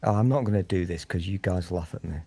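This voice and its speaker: A man's voice: low voice, fast talker, creaky, dark tone, husky. A man with a British accent, talking in a rambling, jokey, crude way in a casual group chat.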